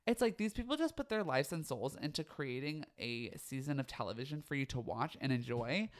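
Young male podcast host, campy and theatrical, gossipy, foul-mouthed, mid-pitched voice. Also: lively intonation, a little fast. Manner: campy, dramatic, gossipy, swears freely. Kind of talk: casual solo podcast chat.

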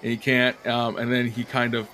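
A man running a tabletop game as game master, narrating with hesitant pauses and fillers. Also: medium pitch, monotone, sharp tone, slight background noise.

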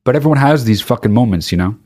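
A young man telling a casual comic anecdote, rambling and full of profanity with deadpan asides. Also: mid-range voice, fast talker, no room sound. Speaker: storyteller.

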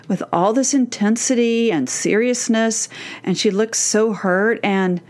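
Speaking on the high side with a slightly mellow tone, a middle-aged parenting coach delivers a scripted podcast lesson. She is earnest and emphatic, slowing down when she acts out what teens say.

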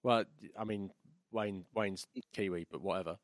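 A man co-hosting a sports podcast, giving blunt, shouty opinions. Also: low voice, fairly even intonation, moderate pace, dry recording, clean studio sound. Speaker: podcast co-host.

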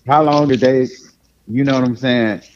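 A man's voice: medium pitch, fairly even intonation, moderate pace, a little mellow, lo-fi sound, slight background noise. A man co-hosting a podcast, rambling and joking with lots of swearing in casual chat. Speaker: podcast co-host.

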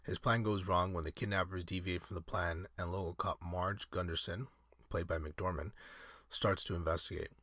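A man's voice: deep voice, steady tone, moderate pace, bright, forceful tone, no echo, clean studio sound. A man reading aloud in a casual podcast, often breaking off into rambling, self-correcting asides. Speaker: solo podcaster.

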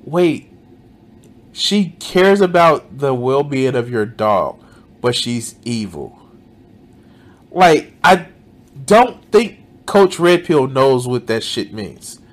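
A man's voice: mid-range voice, big pitch swings, slow pace, pauses often. A man reacting to a video with casual commentary. He is exasperated, swears a lot and says "like" constantly. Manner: exasperated, swears often, frequent "like".

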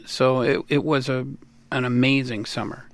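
A man in his sixties from the United States, a musician guest in an interview, talking in a rambling, animated way and laughing often. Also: mid-range voice, normal speed, no room sound. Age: 60s. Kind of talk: casual interview talk.

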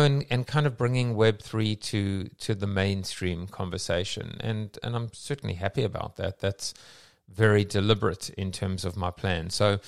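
Low gravelly-voiced man hosting a chat. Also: no echo, studio quality. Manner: rambling and reflective, many fillers. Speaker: host of a daily online audio coffee chat. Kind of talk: casual chat.

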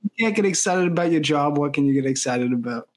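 A man's voice: a little high, lively intonation, fast. A man co-hosting a casual movie podcast, telling stories about his favorite scenes with enthusiasm. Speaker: podcast co-host. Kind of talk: casual movie review chat.

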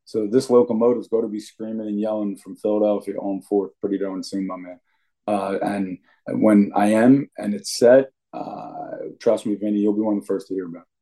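A man's voice: on the low side, little pitch movement, normal speed, warm tone. A young adult man, a wrestler being interviewed on a podcast, talking in a brash, cocky, trash-talking way. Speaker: wrestler guest.

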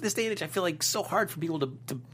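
Relaxed man co-host, faint hum. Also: on the high side, very fast. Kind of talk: casual chat reviewing a soap opera.

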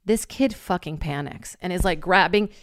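Animated woman telling a comic story. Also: on the low side, normal speed, no room sound, clean studio sound. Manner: animated, swears freely, acts out quotes. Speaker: podcast host. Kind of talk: casual comedic storytelling.

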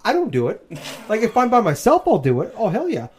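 A man's voice: high-pitched, wildly swooping pitch, fairly quick. A man in casual chat, rambling and crude with lots of swearing, tired and a bit delirious from overwork.

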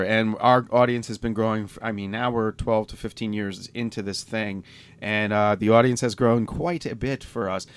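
A man with a nasal, congested voice from a sinus infection, hosting a casual podcast chat and laughing often. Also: mid-range voice. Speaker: podcast host.

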